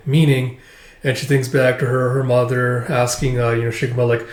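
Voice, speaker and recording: A man's voice: medium pitch, completely flat delivery, brisk. Chatty man in an echoey room. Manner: chatty, filler-heavy, enthusiastic. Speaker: manga reaction vlogger. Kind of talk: casual chapter read-through. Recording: roomy echo.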